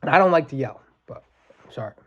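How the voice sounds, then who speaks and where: A man's voice: mid-range voice, expressive, lo-fi sound. A man in his twenties hosting a podcast, ranting with heavy swearing and stopping now and then to think. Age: 20s. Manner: profane, fired-up ranting with pauses to think. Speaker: podcast host.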